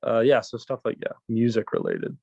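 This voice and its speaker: A man's voice: medium pitch, normal speed, vocal fry, no room sound, muffled recording. Laid-back man with dry close sound. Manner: relaxed, laughs easily, hesitant fillers. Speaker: guest. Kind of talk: casual chat.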